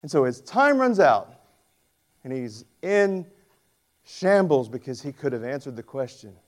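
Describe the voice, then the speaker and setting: A man in his forties preaching a sermon as pastor, with animated, emphatic storytelling. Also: medium pitch, measured pace.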